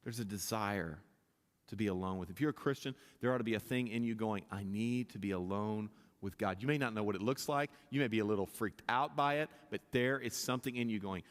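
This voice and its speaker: A pastor preaching a sermon, impassioned, often restarting his sentences and building to louder, higher climaxes. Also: brisk. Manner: impassioned, rising in pitch and volume at climaxes, many restarts. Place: church sanctuary. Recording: long reverb of a church hall.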